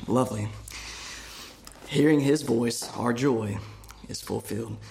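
A middle-aged man preaching a sermon, earnest and emphatic, rising to loud declarations and dropping to hushed asides. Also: mid-range voice, takes it slowly, creaky, a little hiss or hum.

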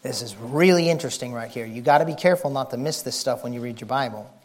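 A man preaching a folksy, excitable sermon, shouting and whispering for effect. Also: mid-range voice, quick pace.

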